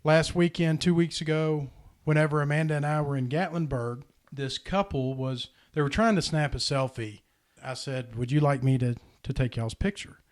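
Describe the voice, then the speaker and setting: A man telling a heartfelt personal story in a casual podcast chat, earnest and animated. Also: a little high, moderate pace, few pauses. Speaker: podcast host.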